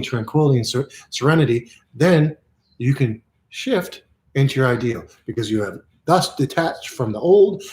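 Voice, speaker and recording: A man giving a casual motivational monologue, rambling and playful, repeating phrases and sometimes dropping to a hush. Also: mid-range voice. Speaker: self-help speaker.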